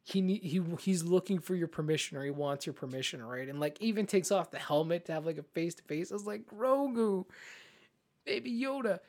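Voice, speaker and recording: A man co-hosting a casual film podcast, excitable and animated, often acting out scenes as he talks. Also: on the high side, fast, hardly any pauses. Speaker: podcast co-host. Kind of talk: casual film review chat.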